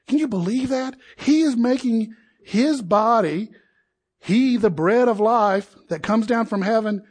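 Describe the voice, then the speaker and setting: Husky, high-voiced animated preacher man. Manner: animated, acts out crowd voices with rising indignation. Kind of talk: sermon.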